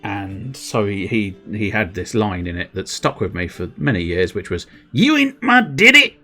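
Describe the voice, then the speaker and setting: A man's voice: low voice, moderate pace, faint music behind. A man streaming a game, chatting in a rambling, giggly way with lots of restarts. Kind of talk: casual gameplay commentary.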